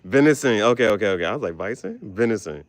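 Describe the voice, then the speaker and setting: A man hosting a casual podcast chat, animated and profane, often jumping into squeaky exclamations. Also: very fast, no echo. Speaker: podcast host.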